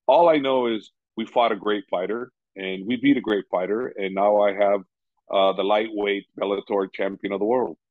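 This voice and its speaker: A man's voice: on the low side, steady tone, normal speed, dry recording. A man who coaches fighters, speaking in a casual interview, rambling and repeating "you know" often. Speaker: MMA coach. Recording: dull lo-fi sound.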